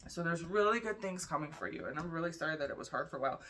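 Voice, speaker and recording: A woman's voice: low voice, expressive, racing, a bit bright, a little hiss or hum. A tired young woman giving a casual tarot reading, chatty and blunt, swearing freely. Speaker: tarot reader.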